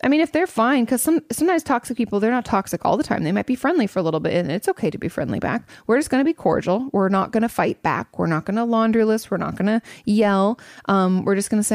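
A woman therapist talks through listener questions in plain, frank terms and doesn't shy away from swearing. Her mid-range voice carries a lot of vocal fry. The sound is close and dry, with no room echo. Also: medium pitch, animated, a little fast, darkish tone. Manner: blunt and candid, swears freely. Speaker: therapist host answering audience questions. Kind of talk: casual advice talk.

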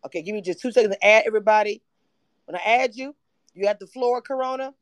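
A woman hosting a livestream, chatting animatedly and excitably about a reality show, sometimes breaking into shouts and laughter. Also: medium pitch, fast, no echo. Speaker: livestream host. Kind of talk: casual reality-TV recap chat.

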